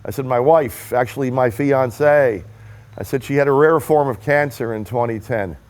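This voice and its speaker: A man's darkish, medium-pitched voice moves at normal speed as he recounts a personal story to the camera. He's a political rally supporter giving a testimonial, earnest and emphatic throughout.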